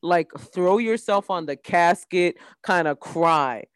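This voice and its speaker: A young woman co-hosting a casual podcast, telling an animated story with laughter and acted quotes. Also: fairly low pitch, slow, clean tone, no room sound, clean studio sound. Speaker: podcast co-host. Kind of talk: casual chat.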